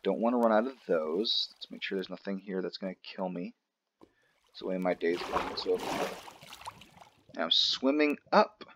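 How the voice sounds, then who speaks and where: A man's voice: low voice, animated, normal speed, long pauses, fairly bright tone, slight background noise. A man hosting a gaming channel, talking casually through his play with joking asides to himself. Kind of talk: casual let's-play commentary.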